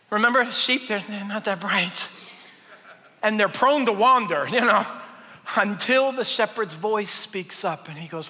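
High-voiced preacher in a reverberant hall. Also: male voice, unhurried, pauses often. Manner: dramatic, swinging from loud bursts to hushed whispers. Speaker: pastor. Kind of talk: sermon.

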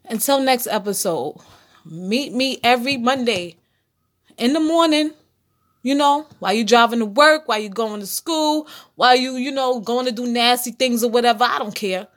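Solo podcast host, woman, blunt and preachy, swears freely, slightly raised pitch. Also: moderate pace. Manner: blunt, preachy, profane, talks straight to listeners. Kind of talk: casual solo podcast monologue.

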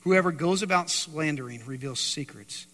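A man preaching a sermon in a church, swinging between loud emphatic stretches and hushed quiet passages. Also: a little high, normal speed. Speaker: pastor. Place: church sanctuary. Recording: reverberant hall.

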